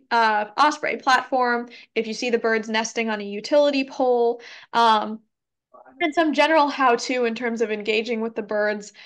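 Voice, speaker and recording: A young woman with a slightly high voice presents an educational talk in a relaxed, conversational way. She fills pauses with ums and hedges her answers. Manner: frequent ums, hedging, conversational. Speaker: environmental educator giving a talk. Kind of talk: casual presentation with Q&A.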